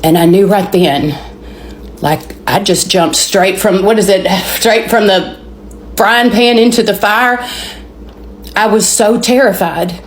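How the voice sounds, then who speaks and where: A woman's voice: medium pitch, a little hiss or hum. A woman with a Southern American accent telling an emotional personal testimony, stumbling and restarting words as she goes. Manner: storytelling, repeats and restarts words, dramatic pauses. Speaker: speaker sharing a testimony. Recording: roomy echoey recording.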